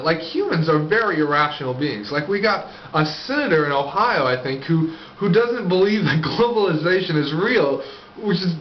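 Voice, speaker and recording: A man on a lo-fi recording rambles through a comic monologue in a reverberant room. His speech is profane and halting, full of restarts, and his voice sits a little high for a man. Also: slight background noise. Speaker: comedian. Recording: echoey room, muffled lo-fi sound.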